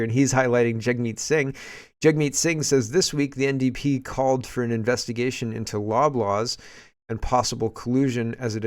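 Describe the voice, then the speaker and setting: A man from Canada hosts a casual political commentary show, reading quoted posts aloud and then adding his own remarks. His voice sits at an ordinary middle pitch. He talks conversationally, with frequent fillers and restarts.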